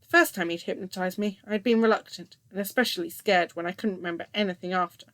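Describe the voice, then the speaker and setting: A woman's voice: fairly low pitch, fast talker, no echo. Dry, close woman narrating a story. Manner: steady first-person storytelling.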